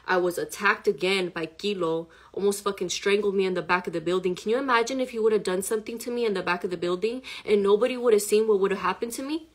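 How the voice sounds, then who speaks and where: A shaken, upset woman telling a personal story to camera in a rambling way, full of "like" and swearing. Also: mid-range voice. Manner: rambling, heavy use of "like" and profanity, agitated.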